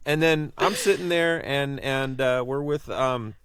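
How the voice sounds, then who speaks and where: A man's voice: medium pitch, unhurried, fairly bright tone, clean tone, dry recording, studio quality. A man co-hosting a podcast, telling a long story in a casual, rambling chat with many restarts. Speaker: podcast co-host.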